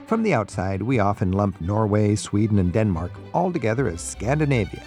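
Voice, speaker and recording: A man's voice: fairly low pitch, big pitch swings, brisk, darkish tone, faint music behind. A man hosting a radio talk show, asking questions in a jovial, inquisitive way. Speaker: radio host.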